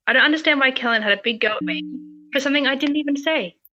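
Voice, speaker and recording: A woman's voice: high-pitched, rapid-fire, bright, forceful tone, muffled recording. Exasperated woman arguing bluntly. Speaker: former contestant. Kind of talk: heated argument on a call.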